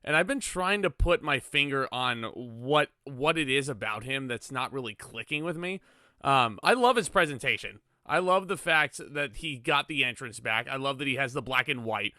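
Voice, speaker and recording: Bright, chatty man hosting a podcast. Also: mid-range voice, lively intonation, normal speed, no room sound, clean studio sound. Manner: enthusiastic, chatty, frequent ums. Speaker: podcast host. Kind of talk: casual wrestling review chat.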